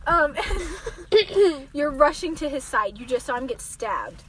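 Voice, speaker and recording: Playful young woman, bright and lively. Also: takes it slowly. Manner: playful, laughing, interrupts to pitch ideas. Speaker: podcast host. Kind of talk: casual chat.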